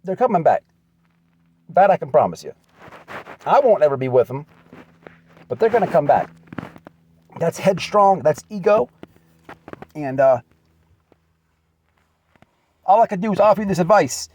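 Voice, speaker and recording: A man's voice: sits high, sing-song, unhurried, long pauses, darkish tone, a little hiss or hum. A man giving an earnest, repetitive direct message, often calling the listener "man". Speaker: channel host. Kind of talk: direct address video message.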